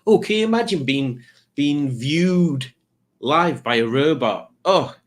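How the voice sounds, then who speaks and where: A man's voice: fairly high pitch, lively intonation, takes it slowly. A man hosting a live stream, chatting casually as he reads out viewer comments, rambling along with wry asides and plenty of fillers.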